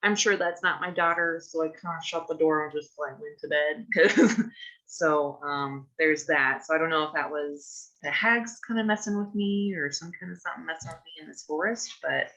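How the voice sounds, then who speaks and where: A woman's voice: low voice, moderate pace, pushed and bright, rough recording. A woman talking casually in character as a player in a tabletop game, rambling with lots of filler words.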